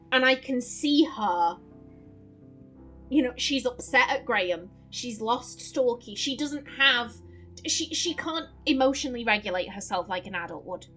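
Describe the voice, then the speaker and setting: A woman's voice: on the high side, fairly bright tone. A woman hosting a let's play, giving earnest, worried commentary on the story over faint game music.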